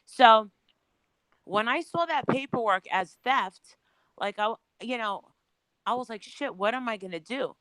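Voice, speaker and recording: A woman's voice: a little high, lively intonation, unhurried, a bit bright, dry recording, low-quality recording. A woman on a remote call, telling a personal story as a panel guest in a candid, chatty way with some swearing.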